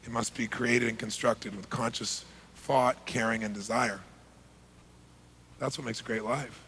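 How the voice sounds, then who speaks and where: A middle-aged man, a motivational speaker, telling a story emphatically, swinging from loud bursts to hushed lines. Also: medium pitch, fairly even intonation, measured pace, a little hiss or hum.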